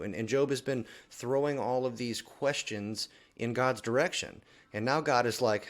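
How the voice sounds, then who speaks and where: A man's voice: medium pitch, measured pace. A man hosting a daily Bible reading video, talking through the scripture casually and often checking in with a questioning "right?". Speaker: Bible reading plan host.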